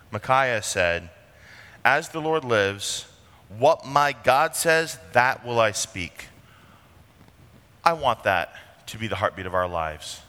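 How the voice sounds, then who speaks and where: A man preaching a sermon with earnest emphasis, slowing down on key phrases. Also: mid-range voice, pushed and bright. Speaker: pastor. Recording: long reverb of a large hall.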